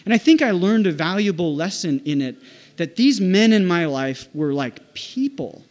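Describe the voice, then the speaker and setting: Man with a slightly high voice, reflective. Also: lively intonation. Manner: halting, reflective, full of "like" and restarts. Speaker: storyteller. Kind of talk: personal storytelling.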